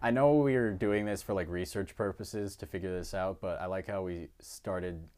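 Brief: male podcast co-host, loose unscripted rambling, fond of correcting people, casual swearing, lowish voice. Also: normal speed, darkish tone. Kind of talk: casual chat.

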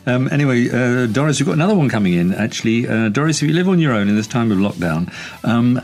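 A man's voice: medium pitch, animated, quick pace, a little mellow. A man hosting a comic phone-in sketch, teasing his caller with laughs. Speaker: radio-style host.

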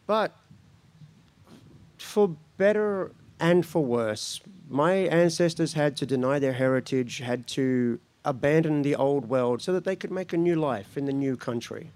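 Man from Australia, slow spoken-word talk, higher voice, laughs between lines. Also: darkish tone. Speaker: speaker at a gathering.

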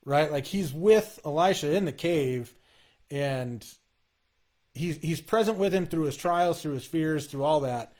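A man in a casual, earnest conversation about faith, talking in halting bursts with frequent restarts. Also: fairly high pitch, darkish tone.

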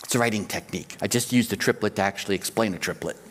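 A man's voice: fairly low pitch, very fast, big-room sound, background noise. A man preaching a sermon as pastor, explaining his points step by step and counting ideas out in threes.

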